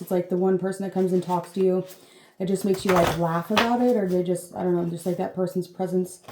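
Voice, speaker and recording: A woman giving a casual, meandering reading as host, chatty and full of fillers, swearing playfully now and then. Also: mid-range voice. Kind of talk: casual rambling live reading. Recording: roomy echo with faint noise.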